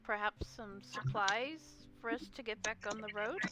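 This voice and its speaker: A woman playing a tabletop game who describes her character's actions softly and hesitantly. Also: mid-range voice, over music. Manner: slow, soft-spoken, hesitant narration. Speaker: player.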